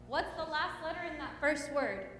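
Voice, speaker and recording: A woman's voice: high-pitched, expressive, normal speed, fairly bright tone, a little hiss or hum. A woman teaching a hymn class, coaching students patiently, counting them in and praising their answers. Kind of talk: teaching and singing liturgical hymns. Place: church hall. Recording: echoey church hall with long reverb.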